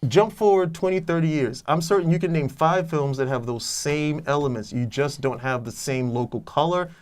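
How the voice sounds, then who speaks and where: A man's voice: on the high side, moderate pace. A man co-hosting a casual movie review chat, giving long rambling explanations full of restarts. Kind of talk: casual film discussion.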